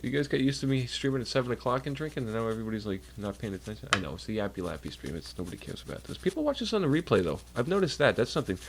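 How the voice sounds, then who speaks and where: With big pitch swings at medium pitch, he talks very fast and barely pauses over a noisy background. The speaker is a young man casually chatting on a home livestream through a desk mic, rambling, cursing, joking and talking to chat, with a slightly nasal, stuffed nose.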